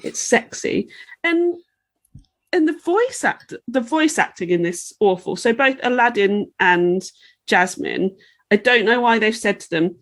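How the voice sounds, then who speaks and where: A woman rants through a casual podcast chat, swearing freely and breaking into mocking impressions. Her voice sits fairly high. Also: animated, unhurried, a bit bright. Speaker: podcast co-host.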